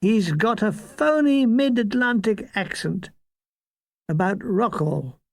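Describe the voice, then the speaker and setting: A man's voice: high voice, lively intonation, creaky, dry recording. An older man reading his own war memoir aloud in a dry, comic storytelling manner. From Ireland. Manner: dry comic storytelling, quick asides and mock voices. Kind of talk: memoir narration.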